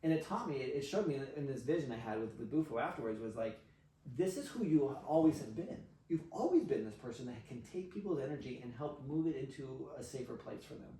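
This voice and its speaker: A man, a podcast guest, telling an animated story, acting out quotes with frequent laughs and fillers. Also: medium pitch, fast talker. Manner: excitable, acts out quotes, laughs often, filler-heavy. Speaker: podcast guest, sexual healer. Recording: roomy, distant from mic.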